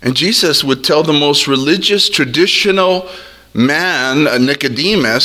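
A man preaching a sermon as a pastor, drawing out his words and dropping his voice low when he quotes others. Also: lively intonation, unhurried, bright, forceful tone. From Arab heritage.

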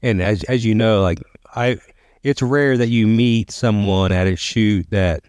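A man's voice: lowish voice, a little slow, a little mellow, smooth, no echo. A man hosting a podcast interview, asking questions in a laid-back way. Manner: laid-back interviewer with short backchannel replies. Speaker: podcast host. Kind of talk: casual interview.

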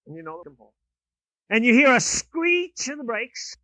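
A man preaching a sermon, telling humorous everyday stories with animated swings in pitch and loudness. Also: moderate pace, no room sound. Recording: dull, lo-fi dry recording.

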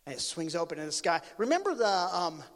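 A man with a high-pitched voice delivers a sermon. He tells a story with lively swings between loud outbursts and quiet asides. His voice rings with the long reverb of a big hall. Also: fairly quick. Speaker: pastor.

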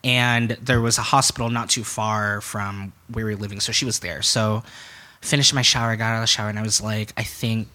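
Frank young man with a bright voice. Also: on the low side, steady tone, fairly quick. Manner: frank, swears freely, acts out what others said. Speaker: podcast guest. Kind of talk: candid conversational storytelling.

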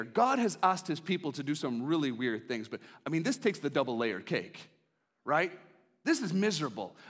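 A man preaching a sermon in a conversational, animated storytelling style. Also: fairly high pitch, breathy edge. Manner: animated, conversational, acts out characters.

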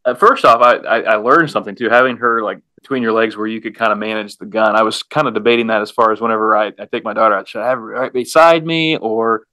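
A man's voice: lowish voice, fast talker, hardly any pauses, pushed and bright, no room sound. A man hosting a podcast, chatting casually and encouraging his guest. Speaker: podcast host. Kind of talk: casual interview chat.

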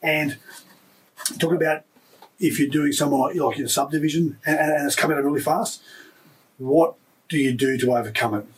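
A man in his fifties recounts his playing days, his voice sitting a bit higher than most men's. He talks in an emotional, animated rush, full of restarts. The mic sits slightly away from him. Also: a little fast, pauses often, recorded from a distance, poor audio. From Australia. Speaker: guest, former rugby league player. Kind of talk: casual storytelling interview.

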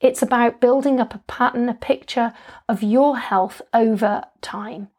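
A chatty woman with a slightly high voice hosts her own health coaching podcast. She explains each step in an upbeat, instructive tone and fills her pauses with ums. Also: steady tone, a little mellow, slightly rough. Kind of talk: solo podcast coaching talk.

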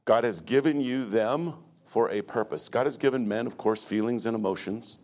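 A man's voice: mid-range voice, moderate pace, darkish tone. Blunt, emphatic male pastor preaching. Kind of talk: sermon. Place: church sanctuary before a congregation.

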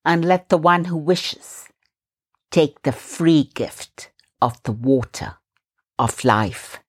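A woman from India with a very low, breathy voice leads a guided Christian meditation. She speaks slowly and calmly, in a gently instructive way. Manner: calm, slow, gently instructive. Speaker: meditation podcast host.

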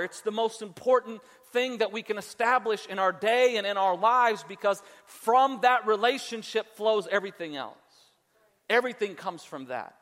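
A man with a fairly high voice preaches a sermon to his congregation, pressing his points with emphasis. He repeats words as he restarts and slows down to land what matters. The sound carries the long reverb of a church hall. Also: a bit bright. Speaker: pastor. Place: church sanctuary before a congregation.

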